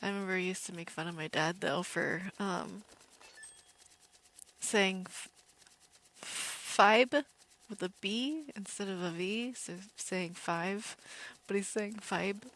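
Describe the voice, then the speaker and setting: A woman streaming a game, chatting casually with viewers in a calm, relaxed way and laughing easily. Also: medium pitch, a little slow. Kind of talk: casual live-stream chat over gameplay.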